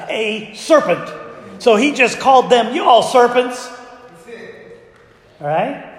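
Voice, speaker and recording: A man preaching a sermon to his congregation in a conversational way, asking them frequent rhetorical questions. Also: high voice. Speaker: pastor. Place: church sanctuary. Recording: echoey church hall with long reverb.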